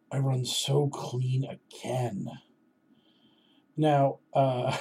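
A man's voice: mid-range voice, dark tone, husky. A man in his thirties telling a casual personal story in a wry, self-deprecating way.

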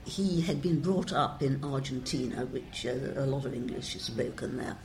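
A woman's voice: a bass voice, normal speed, very noisy. An older woman, a translator, giving wry, discursive interview answers and quoting verse with relish.

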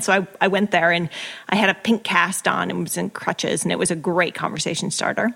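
A woman's voice: fairly low pitch, fairly even intonation, fairly quick, vocal fry, fairly bright tone. A woman in her thirties talking candidly as a podcast guest, laughing now and then. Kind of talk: casual interview talk.

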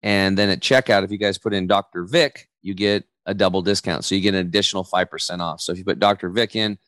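A middle-aged man, a podcast guest, talking in an energetic, casual way with slang. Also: deep voice, quick pace, no echo. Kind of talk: podcast interview.

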